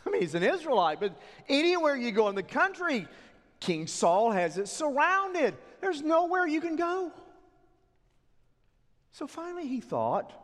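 A male preacher retells a story in a sermon, his voice set high and swinging widely, sometimes sinking to near whispers for effect. Long reverb from a large hall follows every line. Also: a little slow. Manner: animated retelling with dramatic drops to near whispers.

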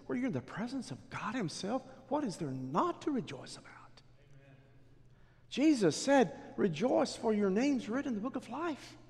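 A middle-aged male pastor preaching a sermon in a church, dropping low and then rising to emphatic exhortation. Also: a little mellow, breathy edge. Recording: long hall reverb.

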